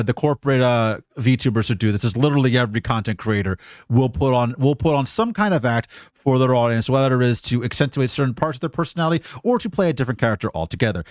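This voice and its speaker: A male VTuber rambles through casual stream commentary, swearing freely and getting worked up as he talks. His voice sits at an ordinary middle pitch. The sound is close and dry, with no room in it. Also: dry recording. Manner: rambling and profane; emotionally animated on stream.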